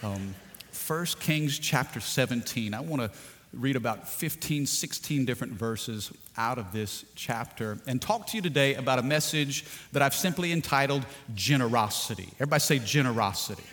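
A man's voice: mid-range voice, lively intonation, moderate pace, a bit bright. A man pastor preaching a sermon to a congregation, joking and calling for responses. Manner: jokey, talks to the congregation, repeats himself. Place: church sanctuary. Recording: long hall reverb.

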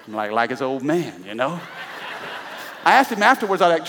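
Animated high-voiced preacher in a hall. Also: male voice, a little fast. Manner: animated preaching with sudden shouts and laughs. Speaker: pastor. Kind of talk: sermon. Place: church sanctuary. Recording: long reverb of a large hall.

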